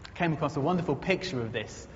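A man's voice: a little high, animated, fast talker. Earnest male preacher in an echoey hall. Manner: earnest, storytelling, builds to emphatic repetition. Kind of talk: conversational sermon. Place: church. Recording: echoey muffled hall recording, faint noise.

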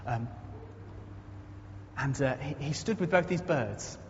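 A man with a mid-range voice delivers a conversational church sermon slowly but with animation, telling stories earnestly and building toward emphatic repetition. The recording is echoey and muffled, as in a hall, with faint noise.

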